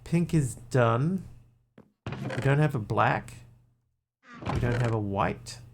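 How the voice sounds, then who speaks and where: Man, gravelly voice, game streamer, casual chat, muttered counting, faint background hiss. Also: medium pitch, lively intonation, takes it slowly. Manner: thinks aloud, counts under his breath, chats with viewers.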